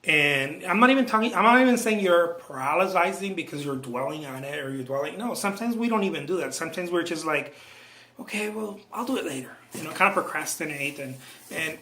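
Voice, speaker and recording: A male painter vlogs from his studio, musing aloud in a loose, self-interrupting way with frequent chuckles. His voice sits a touch high and he keeps it hushed for the late hour. The room around him rings with a clear echo. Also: animated, fairly quick. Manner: loose and self-interrupting, chuckling often, many restarts and asides; talking low late at night. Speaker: painter vlogging about his work. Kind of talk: casual rambling monologue to camera. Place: art studio indoors.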